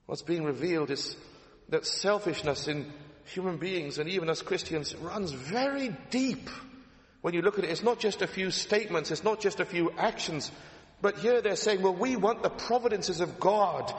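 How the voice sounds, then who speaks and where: A man's voice: sits high, moderate pace. A man preaching a sermon, emphatic, repeating his key phrases and asking rhetorical questions. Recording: echoey hall with long reverb.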